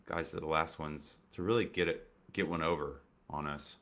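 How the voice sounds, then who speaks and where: In a rumbling low voice with a touch of brightness, a man hosts a comedy show riffing casually on politics, keeping his intonation fairly even and his pace moderate. Expect lots of swearing, sarcasm, rambling tangents, fillers and restarts.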